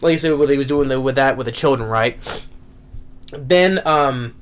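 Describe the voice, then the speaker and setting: A man's voice: mid-range voice, normal speed, clean tone. A man ranting through a movie review, rambling and exasperated, with frequent restarts and repeated words.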